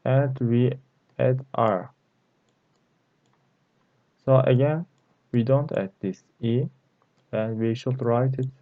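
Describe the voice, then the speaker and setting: A man with Turkish as his first language, teaching in English, explaining slowly and repeating each word several times. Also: mid-range voice, fairly even intonation, no echo. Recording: tinny phone-like sound.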